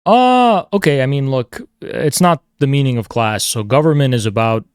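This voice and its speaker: A man hosting a live call-in stream, lecturing and mocking his callers, at times booming like a preacher. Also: expressive, moderate pace, clean tone, no room sound, studio quality. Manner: lecturing, mocking, swings to booming theatrical declaiming. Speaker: livestream host taking callers. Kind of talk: combative call-in debate.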